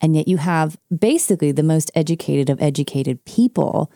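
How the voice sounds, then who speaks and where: A woman with a low, gravelly voice interviews a guest, framing long questions and adding firm opinions of her own. Her tone is dark and mellow. The recording is dry and close. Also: expressive, normal speed, no room sound. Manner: emphatic, opinionated.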